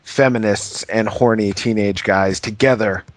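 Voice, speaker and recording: A man's voice: on the low side, fairly even intonation, measured pace, no echo. A man co-hosting a gaming podcast, playful and upbeat, asking a lot of questions in casual chat. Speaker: podcast co-host.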